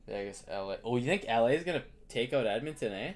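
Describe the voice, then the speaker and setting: A man's voice: medium pitch, animated, fast. A young Canadian man hosting a live card break stream, chatting casually and greeting viewers by name.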